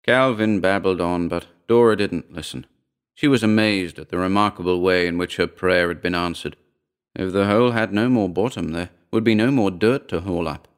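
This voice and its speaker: In a steady, measured reading, a man narrates a short story. His very low voice sounds smooth and resonant.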